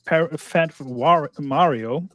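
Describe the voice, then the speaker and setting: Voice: mid-range voice, slow pace, fairly bright tone, dry recording, highs cut off. A guest panelist on a live stream, chatting casually and joking, often drifting into trivia.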